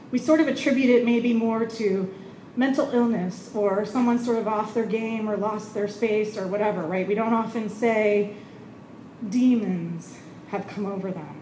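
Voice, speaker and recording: Animated woman pastor in an echoey church. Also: a little high, a little hiss or hum. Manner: animated storyteller acting out quoted people. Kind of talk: conversational sermon.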